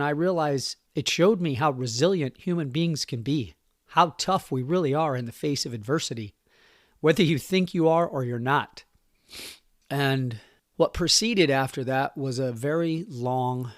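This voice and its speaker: A man's voice: medium pitch, no room sound. Somber man in his forties, dry sound. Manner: somber, halting, emotional. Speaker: podcast host. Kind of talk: personal storytelling monologue.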